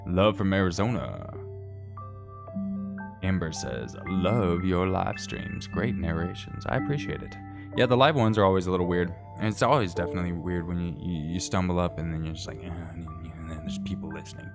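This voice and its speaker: A man's voice: sits low, expressive, a little fast, gravelly, music in the background. A man hosting a live stream, reading viewer comments in casual, rambling chat with joking, self-deprecating asides.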